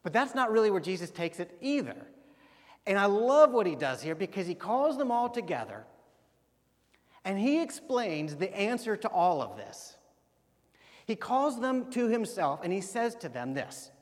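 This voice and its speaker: A male pastor preaching a sermon, dropping to hushed slow emphasis and rising to loud, animated bursts. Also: sits high. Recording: long hall reverb.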